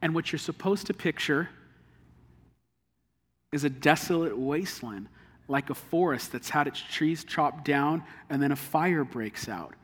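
A man's voice: a little high, expressive, a little slow, a bit bright, husky. Earnest male pastor in a reverberant hall. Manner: earnest, conversational preaching with everyday illustrations. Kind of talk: sermon.

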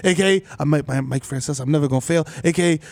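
A man hosting a comedy podcast, riffing rapid-fire with hype-man bravado and profane slang, swinging from booming to mumbling. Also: darkish tone, dry recording. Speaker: podcast host. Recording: faint music behind.

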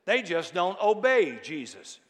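A male pastor preaching a sermon, swinging from quiet, low asides to loud, shouted declarations. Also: sing-song, measured pace. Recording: long hall reverb.

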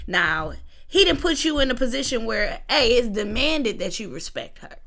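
A woman chats casually, her high voice swooping all over as she plays the people in her stories. Her tone is bright and sharp. She tells each story with animated energy. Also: normal speed, gravelly. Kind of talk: casual chat.

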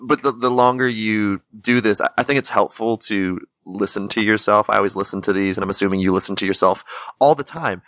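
Dry, lower-voiced male podcast host. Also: a little fast, fairly bright tone, dry recording. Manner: conversational, repeats words when starting sentences. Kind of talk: casual interview conversation.

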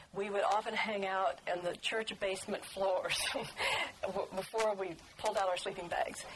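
An older woman, a book author, telling stories at a talk in a lively, laughing way. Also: on the high side, a little hiss or hum, low-quality recording. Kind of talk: storytelling talk.

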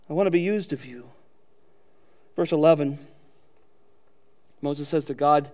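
Animated, high-voiced male pastor preaching. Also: a little slow, pauses often, in a large hall. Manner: animated, acts out quotes, chuckles often. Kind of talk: sermon.

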